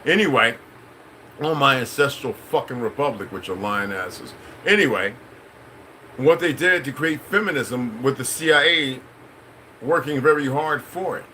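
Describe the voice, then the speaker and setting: Middle-aged male vlogger with a sharp, bright voice. Rambling, cursing monologue over faint background hum. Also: medium pitch, animated, unhurried, low-quality recording. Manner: rambling, profane, preachy. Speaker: channel host. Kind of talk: unscripted monologue.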